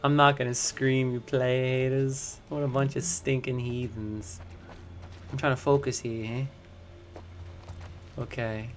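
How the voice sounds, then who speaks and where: A man streaming a video game live, talking his moves through aloud to his chat, and loud and jumpy whenever something startles him. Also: medium pitch, slight background noise. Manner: chatty, thinks aloud to chat. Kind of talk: live gameplay commentary.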